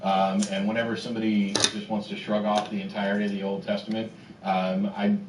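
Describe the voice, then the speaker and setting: A man's voice: on the low side, animated, a little fast. A man hosting a call-in show, talking bluntly and dismissively about scripture arguments. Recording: roomy distant mic with noise.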